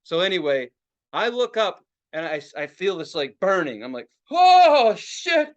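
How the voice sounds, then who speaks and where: High-voiced, foul-mouthed storytelling man. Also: normal speed. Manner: profane, excitable, acts out other people's reactions. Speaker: podcast co-host. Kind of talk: casual storytelling chat.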